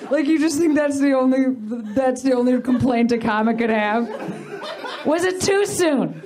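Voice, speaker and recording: A woman host with a high, expressive voice teases the audience between acts. She trades quick banter with people in the seats while a live crowd laughs in the club. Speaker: comedy show host. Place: comedy club stage.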